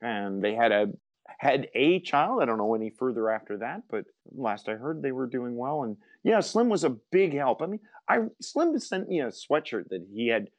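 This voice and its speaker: A man's voice: medium pitch, sing-song, normal speed, no echo, dull audio. A man hosting a podcast, chatting casually and reminiscing with friends in a rambling way. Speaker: podcast host. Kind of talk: casual group chat.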